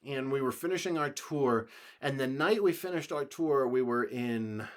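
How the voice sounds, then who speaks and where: A man's voice: medium pitch, expressive, moderate pace. A man from the United States hosting his own podcast, rambling through a travel story in a loose, casual way, swearing now and then and laughing along. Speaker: podcast host.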